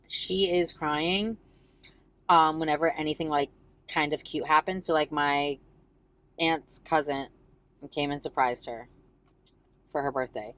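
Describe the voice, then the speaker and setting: Podcast co-host, woman in her forties, deep-pitched, chatty and rambling, drops curse words casually. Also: fairly bright tone. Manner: rambling, filler-heavy storytelling, swears freely. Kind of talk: casual chat.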